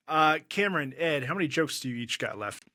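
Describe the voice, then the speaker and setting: A man hosting a casual comedy podcast, calling on comics in turn with brisk, approving quips. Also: on the high side, lively intonation, sharp tone, no room sound, clean studio sound. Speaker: host.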